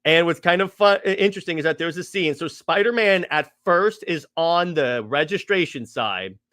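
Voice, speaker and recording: A man co-hosting a podcast, excitedly retelling comic storylines with lots of stammers and restarts, acting out the characters' quotes. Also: fairly high pitch, moderate pace, no room sound, clean studio sound. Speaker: podcast co-host. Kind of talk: casual comics chat.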